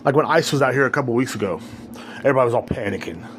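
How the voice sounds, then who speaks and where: A man's voice: medium pitch, animated, very fast, fairly bright tone, a little hiss or hum. A man hosting a podcast, ranting alone in a heated, rambling, profane way. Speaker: podcast host. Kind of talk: casual ranting monologue.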